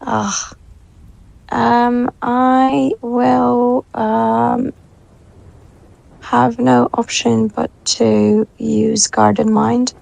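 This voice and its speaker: A woman player in a tabletop game with a strongly gravelly, fry-heavy voice. She talks slowly and works through the rules step by step, and the sound is very dry. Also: fairly high pitch, level tone, darkish tone, no echo. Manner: methodical rules explaining with fillers. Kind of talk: live-play tabletop gaming talk.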